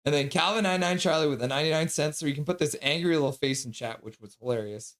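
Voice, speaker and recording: A man's voice: a little high, fast talker, a bit bright. A man hosting a casual livestream, chatty and sassy, reading out donations and sleep-deprived. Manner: sassy, joking. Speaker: livestream host.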